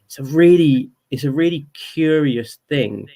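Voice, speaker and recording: A man being interviewed about his conservation project, talking in a relaxed, chatty way and laughing easily. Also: fairly high pitch, unhurried. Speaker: interview guest, founder of a conservation comic project. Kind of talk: casual interview chat.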